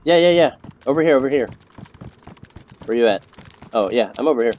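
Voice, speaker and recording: A man's voice: medium pitch, animated, a little fast, a little mellow, lo-fi sound. Rambling male streamer chatting while gaming. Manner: rambling, repeats words, many fillers and restarts. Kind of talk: casual gameplay chat with teammates.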